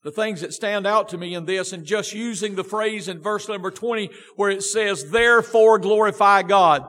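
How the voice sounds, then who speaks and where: Preacher, high voice, church reverb. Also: male voice, moderate pace, fairly bright tone. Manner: emphatic, reads scripture with feeling, rhetorical questions. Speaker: pastor. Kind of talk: sermon with scripture reading. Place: church sanctuary. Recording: long church-hall reverb.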